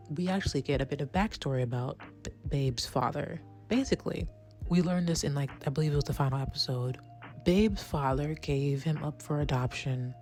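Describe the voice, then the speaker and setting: A woman's voice: very deep voice, a little mellow. A woman chatting casually as she recaps a TV series, peppering her talk with "right?" and the odd swear word, over faint background music. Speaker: show reviewer.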